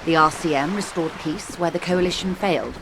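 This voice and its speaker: A woman's voice: fairly low pitch, brisk, natural voice. An actress voicing an erudite woman in a video game who lectures a detective in an eloquent, wry manner, in game audio with background noise.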